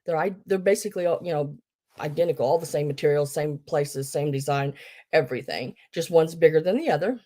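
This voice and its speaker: Speaking briskly in a low, warm voice, a middle-aged online seller runs a relaxed live-stream sale. Her talk is full of fillers and restarts as she chats and welcomes viewers by name.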